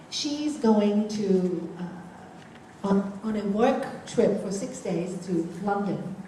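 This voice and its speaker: A woman's voice: medium pitch, mellow. Older woman teaching in an echoey room. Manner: storytelling, asks listeners rhetorical questions. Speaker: yoga and meditation teacher. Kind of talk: spiritual teaching talk with anecdotes. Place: large room, talk to a group. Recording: very echoey room, voice from far off, faint background noise.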